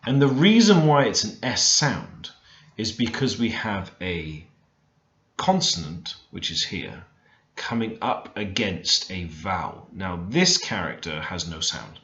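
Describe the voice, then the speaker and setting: A man teaching beginner vocabulary in a relaxed, thinking-aloud way, often stopping to correct himself. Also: low-pitched, takes it slowly. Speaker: language learner teaching Korean. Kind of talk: screen-recorded language lesson. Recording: roomy, dull lo-fi screen recording.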